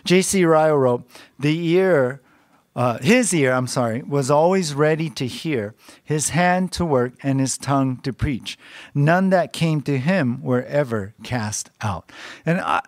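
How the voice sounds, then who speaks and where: A man's voice: mid-range voice, no room sound, studio quality. A man preaching a sermon in a conversational way, often adding "you know" and small laughs. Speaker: pastor.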